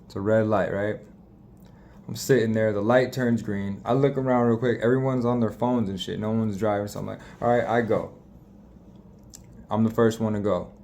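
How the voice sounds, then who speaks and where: Young guy with a lowish voice rambling thru a crash story, swears a lot, faint hiss behind. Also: fairly even intonation, normal speed, darkish tone. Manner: profane, rambling, restarts often. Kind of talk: casual storytime monologue.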